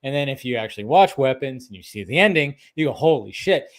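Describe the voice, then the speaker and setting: A man hosting a casual film chat, excitable and swearing freely. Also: medium pitch, fast talker. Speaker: podcast host.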